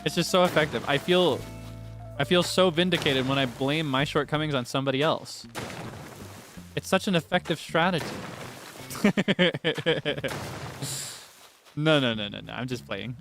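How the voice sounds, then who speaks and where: A man's voice: fairly high pitch, measured pace, long pauses, a bit bright, soft background music. A man chatting casually to viewers while livestreaming a game, playful and teasing, with sudden melodramatic outbursts. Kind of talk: casual gaming livestream chat.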